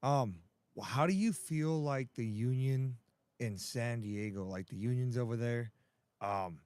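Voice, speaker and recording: A man co-hosting a podcast, welcoming guests and asking questions with many pauses. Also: medium pitch, darkish tone, smooth, dry recording. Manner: hesitant, many ums. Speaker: podcast co-host.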